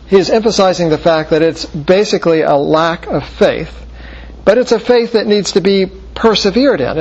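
A man's voice: high voice, darkish tone. A man preaching an expository Bible lesson, explaining verses step by step and checking in with the listeners. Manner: explanatory, asks checking questions like "okay?" and "right?". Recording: dull lo-fi recording.

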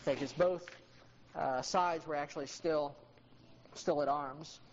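A teacher lecturing on history in a classroom, loose and conversational, full of ums and uhs, now and then speaking to a student by name. The voice sits at a middling pitch. The recording is dull and lo-fi, with a faint hiss behind it. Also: steady tone, measured pace.

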